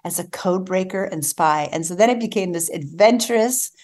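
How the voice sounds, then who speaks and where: A woman's voice: lowish voice, normal speed. A woman novelist being interviewed on a radio show, talking eagerly and laughing often. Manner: warm, enthusiastic, laughs often. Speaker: guest novelist. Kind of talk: casual radio interview chat.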